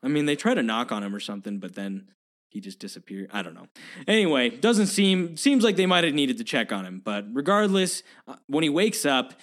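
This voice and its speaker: A man's voice: medium pitch, big pitch swings, brisk, fairly bright tone. A man in casual conversation about a film, chatty and laughing often. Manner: chatty, laughs often, quotes lines in put-on voices. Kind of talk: casual chat about a movie.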